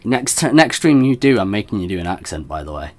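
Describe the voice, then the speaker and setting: A man's voice: on the low side, very animated, fast talker, soft background music. A man giving chatty, self-deprecating commentary while streaming a game. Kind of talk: let's play commentary.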